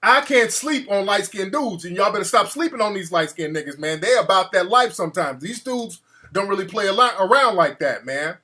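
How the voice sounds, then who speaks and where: A man hosting a call-in show, telling a story in an animated, profane way and acting out the quotes. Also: high-pitched, fairly quick. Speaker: radio show host.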